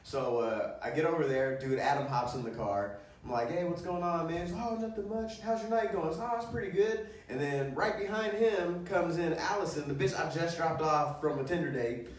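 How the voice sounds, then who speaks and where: Male stand-up, crude and animated, laughing through his stories, recorded from a distance in a very echoey room. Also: fairly high pitch, a little fast, hardly any pauses. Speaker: stand-up comedian. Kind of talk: stand-up storytelling. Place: comedy show room. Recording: roomy echo, distant mic.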